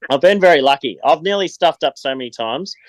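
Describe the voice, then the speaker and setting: Brief: Australian guy, rambling storyteller, a bit high-pitched, dry mic. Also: expressive, brisk, no room sound, rough recording. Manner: rambling storyteller, laughs often. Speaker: podcast guest. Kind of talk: casual chat.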